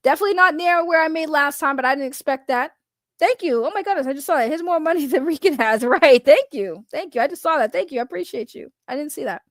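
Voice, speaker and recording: A woman's voice: high voice, expressive, fast, dry recording. A woman doing casual livestream commentary, rambling and blunt, swearing freely and laughing often. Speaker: online commentator.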